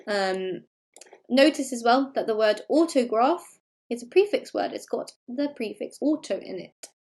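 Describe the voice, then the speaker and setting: A woman with an English accent, teaching a recorded remote lesson to young pupils and clearly explaining and stressing key words. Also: fairly high pitch, lively intonation, measured pace, darkish tone. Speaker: primary school teacher.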